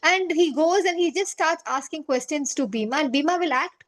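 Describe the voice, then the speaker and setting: Teacher, woman, high voice, casual story time that keeps checking the class follows. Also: moderate pace, hardly any pauses, a bit bright. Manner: chatty, checks in with "okay?" and "right?".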